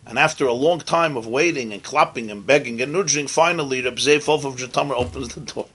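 A man teaching as a rabbi, telling a story in an animated way and dropping Hebrew and Yiddish terms into his sermon. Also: mid-range voice, a little fast, slightly rough.

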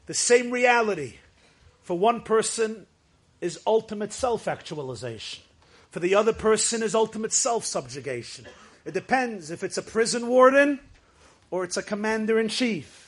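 Brief: high-pitched male Torah teacher, emphatic, storytelling delivery with Yiddish and Hebrew phrases. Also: animated, moderate pace. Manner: emphatic, rises to shouts for stress. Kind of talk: Torah class lecture.

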